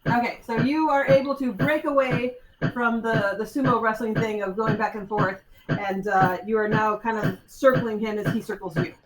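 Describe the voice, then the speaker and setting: On a convention stage, a woman runs a live tabletop game as game master, her voice a little high and her pace moderate. She's lively, explaining the rules with ums and acting out the moves of the fight, while a loud crowd fills the live convention hall.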